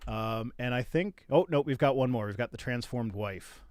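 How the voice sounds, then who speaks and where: A man hosting a casual podcast chat, telling stories in a sarcastic, animated way with lots of restarts. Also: medium pitch, normal speed, no room sound. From Canada. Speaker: podcast host. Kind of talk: casual chat reacting to tweets.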